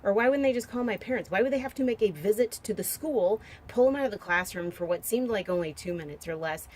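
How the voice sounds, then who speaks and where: A woman's voice: mid-range voice, fast, darkish tone, a little hiss or hum. A woman in her forties rambles in a loose, half-serious monologue, cracking small jokes along the way. Her voice sits in a mid, ordinary register for a woman. She muses aloud as she clicks through pictures. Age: 40s. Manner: muses aloud while browsing pictures on screen. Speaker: vlogger. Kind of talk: casual monologue to camera.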